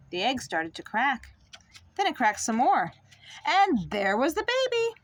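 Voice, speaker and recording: A young mother reading a picture book aloud to her child, in an expressive, sing-song way. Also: a little high, moderate pace, a little hiss or hum.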